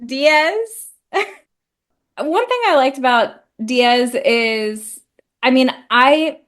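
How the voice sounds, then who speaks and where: A woman's voice: sits high, lively intonation, drawn-out words, fairly bright tone. A young woman co-hosting a book podcast in casual, laughing chat, with lots of "like". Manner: chatty, laughs often, says like a lot. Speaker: podcast co-host.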